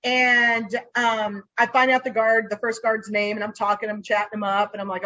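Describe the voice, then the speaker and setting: A woman's voice: medium pitch, normal speed, hardly any pauses, low-quality recording. A woman private investigator telling a story in a casual interview, acting out what she said to people along the way. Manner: animated storyteller acting out her own lines.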